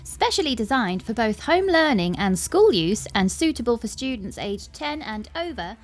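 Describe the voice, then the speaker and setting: A woman reading a sample passage aloud in a steady, even way to test her microphone. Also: a little high, moderate pace, faint music behind. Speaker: co-host. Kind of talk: reading sample text aloud for a mic check.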